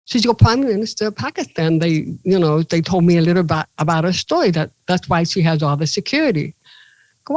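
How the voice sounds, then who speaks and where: A woman comedian and motivational speaker, a guest in an interview, telling animated stories with playful jokes. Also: medium pitch, brisk, no room sound, low-quality recording. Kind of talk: casual interview storytelling.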